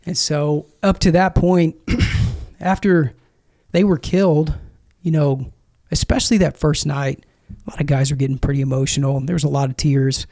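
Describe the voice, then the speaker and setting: A man in his thirties, a former Marine, speaking as a podcast guest in an earnest, reflective way, with frequent pauses and restarts. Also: on the high side, dark tone. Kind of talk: conversational interview storytelling.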